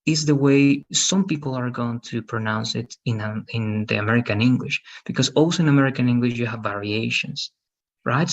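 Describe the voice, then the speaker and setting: A man patiently teaches English pronunciation in an online video-call lesson, regularly checking that his student follows. He speaks in a creaky mid-range voice, and the audio has its highs cut off.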